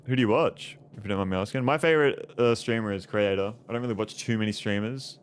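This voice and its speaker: Laid-back low-voiced Australian streamer. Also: male voice, fast, clear, resonant tone. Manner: relaxed, rambling, swears a lot, reads chat aloud. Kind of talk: casual live-stream chat. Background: game music.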